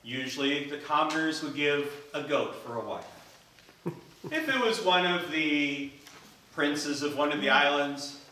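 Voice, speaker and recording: Male storyteller, animated, live event, bright tone, reverberant hall. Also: a little high, slight background noise. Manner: animated, acts out the characters' lines. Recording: echoey hall, voice from a distance.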